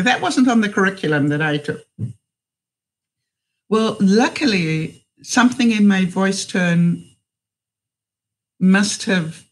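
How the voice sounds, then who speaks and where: A woman's voice: on the low side, low-quality recording. A middle-aged woman vlogger telling a personal story, hesitant, with many fillers and restarts.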